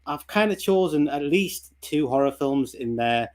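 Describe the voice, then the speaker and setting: Rambling British livestream host. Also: male voice, fairly high pitch, expressive, measured pace, a little mellow. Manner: loose, rambling, full of ums and restarts. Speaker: stream host. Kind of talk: casual livestream chat.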